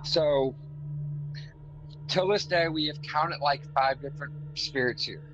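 A slightly high-voiced man from Arkansas, speaking at a measured pace, co-hosts a casual podcast and tells laid-back stories full of filler words. Background noise and loud music sit under the dull lo-fi audio.

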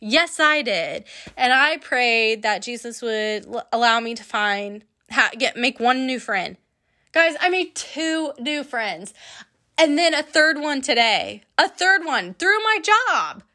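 Young woman, higher register, chatty faith testimony, earnest, laughs easily. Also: animated, slow, pushed and bright. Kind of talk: casual personal faith testimony.

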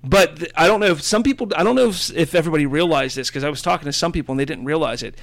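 A man's voice: fairly high pitch, rapid-fire, dry recording. A man chatting casually in a movie review, enthusiastic and rambling, with many fillers and restarts. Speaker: movie podcast co-host.

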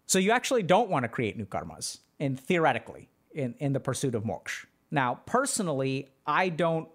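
A man hosting a livestream, explaining ideas to his chat in a relaxed, slangy way full of fillers. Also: medium pitch. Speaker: livestream host answering chat. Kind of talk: casual teaching chat.

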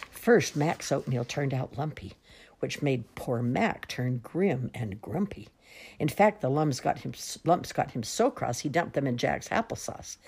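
Very low, gravelly woman reading rhymes. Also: a little mellow. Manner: lilting, rhythmic verse reading. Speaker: storyteller. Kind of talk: reading a rhyming picture book aloud.

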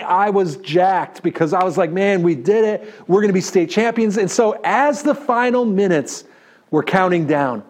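A man in his thirties with a New York accent, preaching a sermon and telling a story in an animated way, often checking in with the congregation. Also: high voice. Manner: animated, talks to the audience with "right?". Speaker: pastor.

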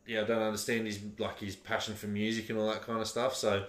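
A man's voice: on the low side, flat delivery, quick pace, fairly bright tone. A young Australian man co-hosting a podcast, chatting casually with frequent swearing and laughter. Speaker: podcast co-host. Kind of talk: casual banter.

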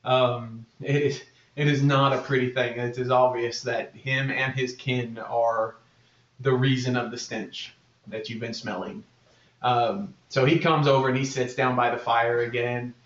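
A man narrating as game master in a relaxed, halting way. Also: mid-range voice. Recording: echoey room, dull lo-fi sound.

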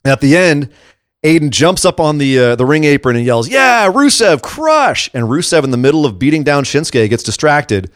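Man, casual co-host chat, animated retelling, acts out quotes, dry close sound. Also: medium pitch, a little fast, dry recording. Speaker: podcast co-host. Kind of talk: casual chat recapping wrestling.

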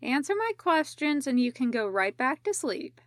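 A woman reading a brisk, caring female medic who asks clinical questions patiently. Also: high voice, very animated, dry recording, pitched above the performer's own voice.

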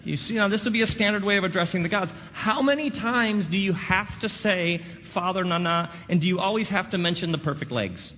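A man preaching a sermon, sardonic and full of dramatic pauses. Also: high-pitched, animated. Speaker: pastor. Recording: dull recording in a reverberant hall, faint noise.

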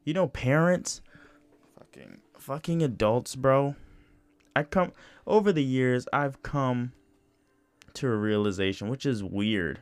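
A young podcast host speaks alone, casual and profane, rambling along with many "you know"s and restarts. His mid-range voice has lively intonation and a slow pace with frequent pauses. No room sound is audible.

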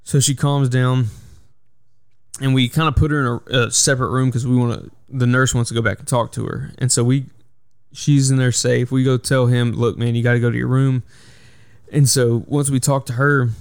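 Hosting a solo podcast, a man with a medium-pitched, clean-toned voice tells a work story as a casual monologue, rambling and packing in fillers. The recording is studio quality with no echo.

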